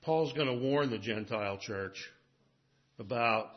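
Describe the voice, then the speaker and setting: A pastor delivers a sermon with expressive swings, rising for emphasis and dropping low and quiet for asides. His voice sits at an ordinary male pitch. The recording sounds a little dull and muffled. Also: a little slow. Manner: expressive preaching, swings between emphatic and hushed.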